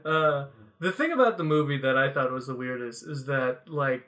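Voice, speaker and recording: A man co-hosting a casual podcast chat, playful and chatty, quick to laugh. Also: mid-range voice, fairly bright tone. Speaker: podcast co-host.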